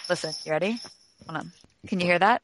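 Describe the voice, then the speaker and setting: A woman's voice: lowish voice, fast talker, fairly bright tone, slight background noise, poor audio. A woman co-hosting a podcast in casual chat, teasing and laughing often. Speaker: podcast co-host.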